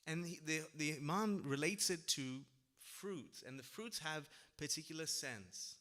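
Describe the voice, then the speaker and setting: A man's voice: on the high side, lively intonation, unhurried, bright, forceful tone. A young man on a religious discussion panel, speaking casually and reflectively, often checking in with "right?". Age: young adult. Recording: long hall reverb.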